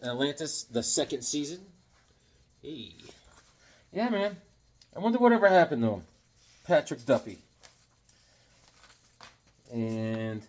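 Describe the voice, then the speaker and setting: Excitable man gushing over comics. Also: mid-range voice. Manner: enthusiastic, excitable, joking. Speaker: comic collector vlogger. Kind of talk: casual chat showing comics.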